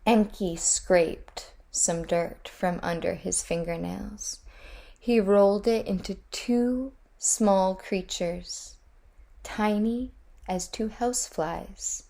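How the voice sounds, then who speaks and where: Slow, low-voiced woman reading a storybook. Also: dark tone. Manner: measured, deliberate reading. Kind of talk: storybook read-aloud.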